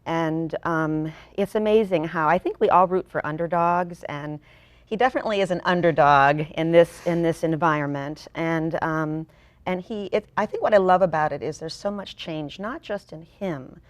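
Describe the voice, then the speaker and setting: A woman's voice: low voice, normal speed, no room sound. A woman in a studio TV interview, talking at length about her theater company's play in long, run-on explanations. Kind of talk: local TV interview.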